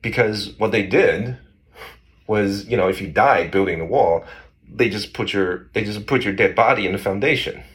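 This history guest has a fairly low, slightly bright voice and keeps a moderate pace. Chatting casually, he wanders through his story with frequent restarts and performs the quoted voices himself.

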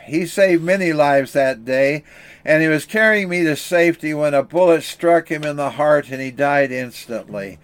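A man's voice: a little high, lightly acted. A man voicing a modest, earnest young male soldier offering a gift.

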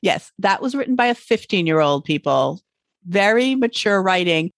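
A woman's voice: medium pitch, animated, normal speed, no echo, studio quality. A woman hosting a teaching podcast, encouraging and enthusiastic as she talks with a guest and reads her outro. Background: faint background music in outro.

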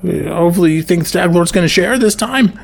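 A man doing a squeaky, whiny bandit lackey. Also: a little fast, vocal fry, slight background noise. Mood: whining. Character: squeaky eager male bandit underling.

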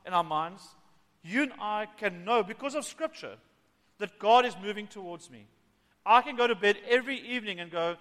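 A male pastor preaching a sermon in a slightly high voice. He swings between hushed, quiet passages and loud, emphatic ones. The sound carries a long reverb tail from the hall. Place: church meeting.

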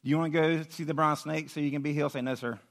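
A man preaching to a youth group, animated and pleading, acting out a story with a volunteer from the audience. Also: a little high, racing. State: out of breath. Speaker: youth pastor. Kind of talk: sermon with audience demonstration. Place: church hall with audience.

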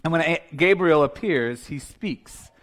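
A male pastor delivering a Sunday sermon, with a voice pitched a little above the usual for a man. He keeps it loose and conversational, cracking jokes and chuckling as he goes. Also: animated, a little slow. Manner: conversational and playful, laughing often.

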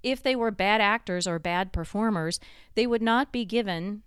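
A woman's voice: medium pitch, moderate pace, smooth, no room sound, studio quality. A woman host telling a guided second-person story in a conversational way, drawing the listener into the scene.

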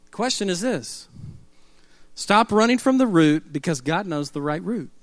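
A man's voice: sits high, animated, normal speed, no echo. A middle-aged man preaching a sermon, telling stories with humor and leading the congregation in call-and-response. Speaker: pastor.

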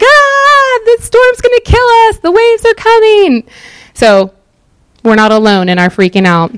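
A woman giving a casual, sermon-style Bible teaching in a chatty, animated way with many fillers. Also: medium pitch, clean tone, no echo.

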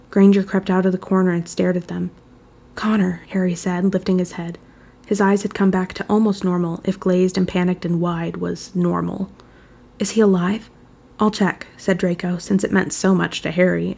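A woman narrating a fan fiction story in a steady, measured storytelling manner. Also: fairly low pitch, gravelly. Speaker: reader.

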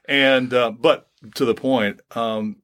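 A man's voice: mid-range voice, slow pace. Chatty man on a faith podcast. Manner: animated, laughs, acts out quotes with tangents. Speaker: podcast co-host. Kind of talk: casual Bible discussion.

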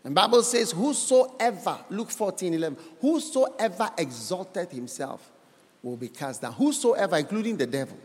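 A man's voice: high-pitched, big-room sound. A man with a Ghanaian accent preaching a sermon as guest preacher, emphatic and often questioning the congregation.

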